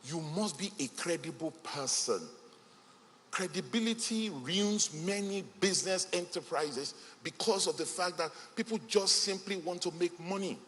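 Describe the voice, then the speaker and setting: A man's voice: high-pitched, moderate pace, a bit bright, a little hiss or hum. A man giving an emphatic motivational speech at a business event in a large hall, repeating key phrases for weight. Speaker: conference speaker. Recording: echoey hall with faint ambience.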